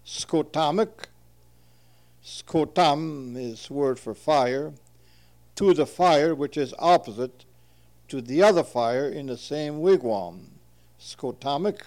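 A man's voice: medium pitch, darkish tone. A man reading aloud from his own translation of a word list, reading each entry, repeating words carefully and explaining them.

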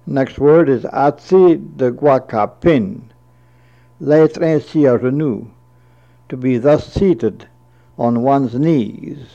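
A man slowly reading through a word list, giving each entry and its translation, sometimes repeating a word. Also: mid-range voice, vocal fry, dark tone. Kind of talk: slow dictionary reading with translations. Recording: dull lo-fi recording.

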